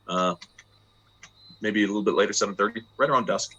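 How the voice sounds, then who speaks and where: Bright-voiced rambling game master. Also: male voice, lowish voice, fast, long pauses, slightly rough, poor audio. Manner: rambling, many fillers, laughs easily. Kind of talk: running a tabletop game online.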